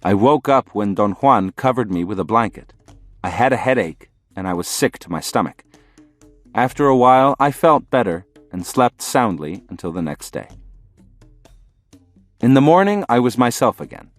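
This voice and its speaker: A man narrating an audiobook in measured, storytelling fashion. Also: mid-range voice, very animated, no echo, faint music behind.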